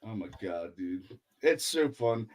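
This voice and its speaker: A man in casual podcast chat, a paranormal investigator telling profane, animated stories and acting out quotes. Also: lowish voice, unhurried.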